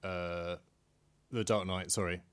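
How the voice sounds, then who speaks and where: A man's voice: low voice, fairly even intonation, slow pace, clear, resonant tone, no room sound. A man co-hosting a casual tech podcast, wry and skeptical, rambling a little. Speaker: podcast co-host.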